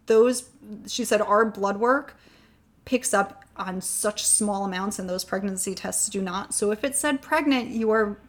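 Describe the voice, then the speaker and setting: A woman's voice: medium pitch, measured pace. A woman in an interview, candidly telling a long personal story and getting choked up at times. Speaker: guest sharing her fertility story.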